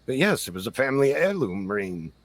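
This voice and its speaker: A man voicing a pompous, panicky manservant with shrill, indignant outrage. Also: very animated, fairly quick, no room sound. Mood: huffy.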